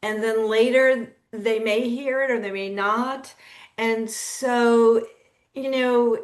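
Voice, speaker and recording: A woman joining a panel discussion over a video call, calm and affirming. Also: on the high side, takes it slowly. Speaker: panel participant. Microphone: video call mic.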